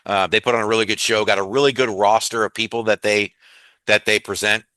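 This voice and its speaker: A man's voice: on the low side, fairly even intonation, brisk, bright, forceful tone, dry recording. A man with a Southern US accent hosting a wrestling podcast, rattling off show news in an upbeat, chatty way and laughing often. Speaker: podcast host. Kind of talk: casual wrestling news chat.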